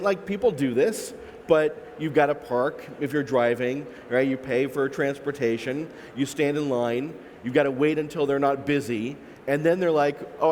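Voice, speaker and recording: A man on a panel, explaining analytically, with frequent restarts and "right?" asides. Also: mid-range voice. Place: large expo hall. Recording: echoey expo hall with faint noise.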